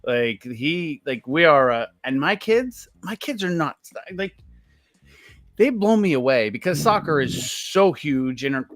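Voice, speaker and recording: A middle-aged man from the United States chats casually, with a somewhat higher voice. He jokes and laughs a lot. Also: very animated, measured pace, a bit bright. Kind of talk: casual chat.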